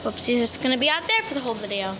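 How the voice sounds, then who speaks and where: A woman's voice: a little high, lively intonation, very fast, noisy background. A young woman vlogging at her grandmother's home, talking to the dogs in a fond, baby-talk way. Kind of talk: casual vlog talking to pets.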